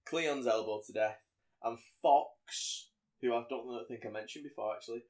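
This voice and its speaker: A man talks through a film plot with a friend, loose and chatty. He keeps slipping into character voices for the lines he quotes, and his everyday voice sits at a medium pitch. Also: normal speed. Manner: animated storyteller, acts out quotes in voices. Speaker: podcast co-host. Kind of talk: casual chat recapping a film.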